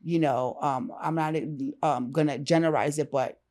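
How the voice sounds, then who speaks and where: A middle-aged woman from Brooklyn, a guest telling her own story in a candid, animated, slangy way, acting out what others said. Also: low-pitched, normal speed. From Brooklyn, New York. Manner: animated, acts out others' lines, slangy and informal.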